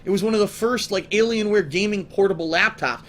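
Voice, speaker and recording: A man with a fairly high voice tells stories to his viewers in a loose, rambling way, swearing freely and putting on his friends' voices. He is a gaming show host chatting casually. A faint hiss sits under the recording. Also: fairly quick, a bit bright.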